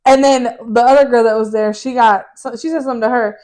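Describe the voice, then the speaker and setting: A woman's voice: fairly high pitch, fairly even intonation, fast, darkish tone. A young woman co-hosting a podcast, adding her side of a story in casual, slangy chat with swearing. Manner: chiming in and adding details, slangy and profane. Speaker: podcast co-host.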